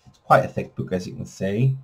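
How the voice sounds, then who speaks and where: A man's voice: on the low side, brisk, slightly rough. A man giving a casual flip-through review of a colouring book, chatty, with frequent fillers and self-corrections.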